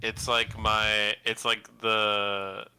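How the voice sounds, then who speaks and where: A man's voice: fairly low pitch, completely flat delivery, drawn-out words, pushed and bright, smooth. A man co-hosting a podcast in casual chat, joking and laughing often.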